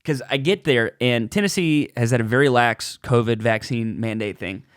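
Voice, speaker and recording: A man's voice: medium pitch, normal speed, clean tone, no echo, clean studio sound. A man, a comedian and podcast co-host, telling a story in a casual chat and acting out the voices in it. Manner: animated, acts out voices in his stories.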